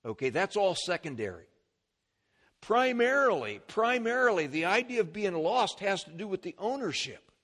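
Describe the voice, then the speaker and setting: In a high voice, a male pastor delivers an animated sermon. He often restarts and repeats words, and he throws in asides to the congregation.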